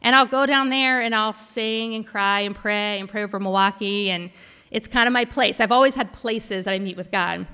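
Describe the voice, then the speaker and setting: A woman's voice: mid-range voice, normal speed, pushed and bright, clear, resonant tone, in a large hall. A woman pastor giving a heartfelt sermon, telling a personal story with frequent restarts. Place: large church hall.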